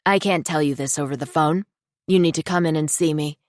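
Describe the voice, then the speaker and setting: A woman's voice: low-pitched, a little fast, no room sound, clean studio sound, close to an everyday voice. A woman narrator voicing a terse, businesslike woman investigator who speaks in a clipped, matter-of-fact way. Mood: curt.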